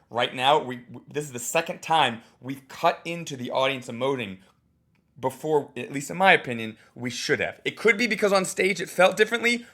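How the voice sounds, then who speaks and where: A man working as a comedy teacher, giving a blunt, animated critique of a recorded set. He swears and acts out the audience and the comedian to make his points. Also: medium pitch.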